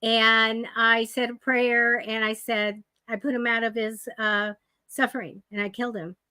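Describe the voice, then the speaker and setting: A woman's voice: fairly high pitch, flat delivery, measured pace, bright, forceful tone, clean tone, no echo. A woman co-hosting a casual live psychic-reading stream, talking emphatically with stumbling repeats. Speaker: psychic reader co-host.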